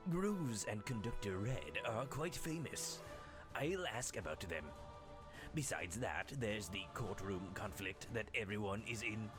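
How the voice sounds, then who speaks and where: A man voicing a formal male agent in a deep, gravelly voice, reading game dialogue as a measured report. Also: expressive, over music. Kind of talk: game dialogue read aloud by a player.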